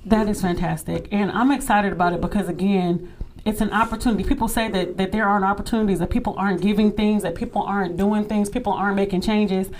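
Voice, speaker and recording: A woman hosting a talk show in a playful, lively, teasing way. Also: medium pitch, fast, slight background noise.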